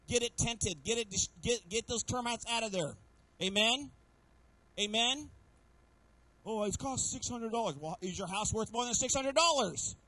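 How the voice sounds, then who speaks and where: High-voiced pastor preaching a sermon. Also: male voice, poor audio. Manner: animated preaching with repeated calls to the congregation; storytelling with humor.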